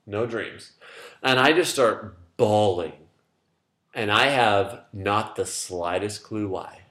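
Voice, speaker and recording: A man's voice: on the low side, takes it slowly, fairly bright tone. A young man chatting with friends, telling long, rambling stories full of swearing and laughter. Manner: rambling storyteller, swears freely, laughs often. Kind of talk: casual chat among friends.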